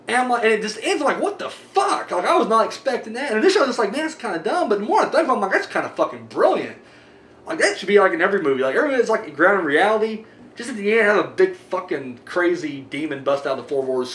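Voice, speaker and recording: A man's voice: sits high, fairly bright tone. Rambling profane man reviewing horror films. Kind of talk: casual solo movie review. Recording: echoey room with faint hum.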